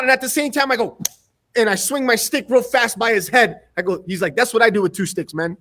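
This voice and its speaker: High-voiced man telling a lively story. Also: a little fast, a little hiss or hum. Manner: animated anecdotes, acting out other people's lines and laughing often. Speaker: martial arts instructor, podcast guest. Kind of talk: casual storytelling.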